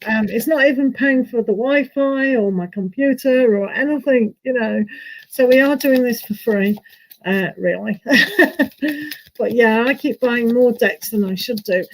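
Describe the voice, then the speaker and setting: A woman's voice: fairly high pitch, unhurried, poor audio. A woman hosting a live tarot stream, chatty and self-mocking, laughing often as she talks. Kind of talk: casual live stream chat.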